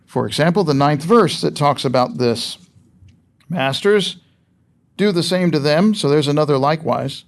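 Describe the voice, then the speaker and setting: Emphatic male preacher, higher voice. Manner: conversational, emphatic, rhetorical questions. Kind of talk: sermon.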